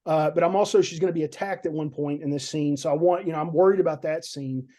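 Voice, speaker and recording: A man's voice: on the high side, fast talker, dark tone. A man, a film director, telling a story in casual podcast chat, rambling and repeating words as he goes.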